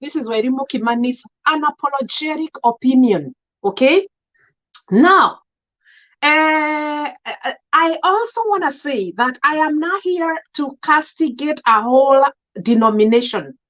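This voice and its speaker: A woman with a Kenyan accent and a fairly high voice talks straight to her live-stream viewers, emphatic and outspoken. She slides between English and Swahili as she greets people by name. The audio is a little dull and lo-fi, as from a webcam stream. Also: animated, measured pace, fairly bright tone. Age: adult. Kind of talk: casual live-stream monologue.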